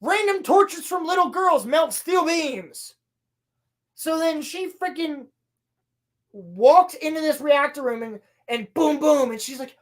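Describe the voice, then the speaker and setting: Unhurried and high-pitched, a woman co-hosting a podcast recaps a show in a casual, sarcastic rant. She swears a lot and acts out scenes in voices.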